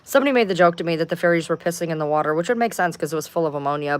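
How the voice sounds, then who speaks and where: Woman, lowish voice, casual livestream chat, rambling, profane, exasperated, at home. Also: lively intonation, very fast, hardly any pauses. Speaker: livestream host.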